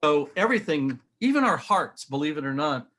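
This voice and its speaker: His voice is on the high side, sing-song, fairly quick, pushed and bright. A middle-aged man speaking a little loudly, he eagerly and earnestly explains shapes as a conversation guest, showing models and pointing out features as he goes in an animated, demonstrative way.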